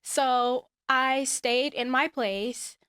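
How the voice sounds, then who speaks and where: Telling a personal experience in a casual way, this woman acts out what others said with animation and offers emphatic advice. Her voice sits high, drawing out words, clear and resonant, in clean studio sound with no echo.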